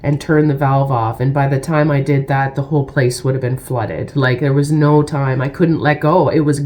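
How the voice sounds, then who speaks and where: Low-voiced stuffy woman vlogging. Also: steady tone, normal speed, a little mellow. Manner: chatty, rambling storytelling. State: stuffy from a cold. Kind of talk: casual vlog chat.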